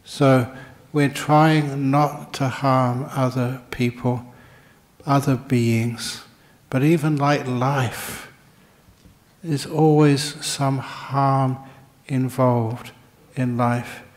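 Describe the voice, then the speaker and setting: Male teacher for a dharma talk, unhurried storyteller, mid-range voice. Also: medium pitch, steady tone. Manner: slow, reflective storytelling. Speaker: Buddhist teacher giving a talk.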